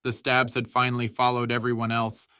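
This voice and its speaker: Male narrator, bright and forceful tone, dry close-mic sound, dramatic audiobook reading. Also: completely flat delivery, fairly quick, clean tone, dry recording. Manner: shouts quoted soldiers' lines with raised pitch.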